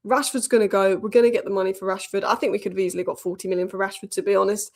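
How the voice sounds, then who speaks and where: Fast-talking opinionated woman host. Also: medium pitch, steady tone, a little mellow. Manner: opinionated, chatty, quick asides. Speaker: football channel host. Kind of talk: casual football news commentary.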